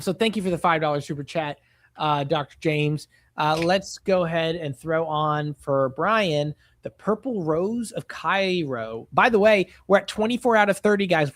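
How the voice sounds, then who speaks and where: Young male streamer, high voice, dry close sound, laid-back host reading chat and polls. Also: no room sound. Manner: relaxed, reads chat and polls aloud, retells comedy sketches. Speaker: co-host of a movie reaction stream. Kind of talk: casual live-stream chat.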